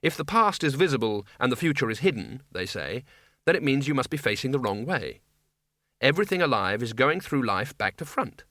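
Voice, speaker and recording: Casting: male audiobook narrator, bright and lively, dry close sound. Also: medium pitch, fairly quick, dry recording. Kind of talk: scripted narration.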